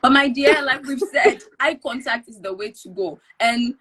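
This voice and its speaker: A woman's voice: sits high, moderate pace, slightly rough, low-quality recording. A woman from Ghana co-hosting a podcast, chatting casually, laughing and teasing as she tells stories. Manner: laughing, teasing, animated storytelling. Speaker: podcast co-host. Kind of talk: casual chat.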